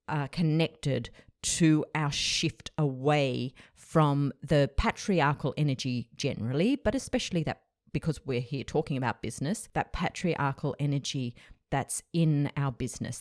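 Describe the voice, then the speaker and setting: A woman's voice: deep voice, a little slow, a little mellow, no echo, studio quality. A woman hosting her own podcast, talking in a chatty, reflective way with frequent light laughs. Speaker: podcast host. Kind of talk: casual solo podcast chat.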